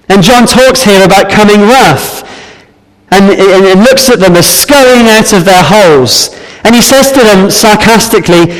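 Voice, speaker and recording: A man preaching a sermon, explaining a Bible passage in an earnest, measured way. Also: sits high. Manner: earnest, measured Bible exposition with some restarts. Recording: reverberant hall.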